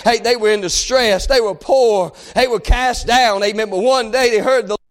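A male preacher, delivering a rhythmic sermon that swings between shouted pleas and half-sung lines. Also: very high voice, normal speed.

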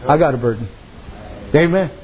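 A man's voice: a little high, expressive, normal speed, phone-quality sound. A male preacher delivering a sermon in a folksy storytelling way, often saying "amen" as the congregation answers. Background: congregation calling out amens.

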